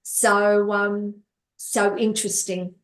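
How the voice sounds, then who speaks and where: A woman with a mid-range voice speaks slowly and in a level tone. She's a life coach and therapist appearing as an interview guest, telling stories from her own life. She repeats words and acts out what other people said.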